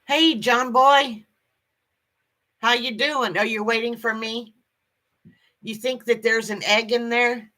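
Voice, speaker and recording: A woman hosts a relaxed livestream and greets her viewers one by one. She talks slowly and her tone is bright and forward. Her chat is halting and full of ums and restarts. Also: on the high side. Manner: greets viewers cheerfully by name. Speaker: livestream host.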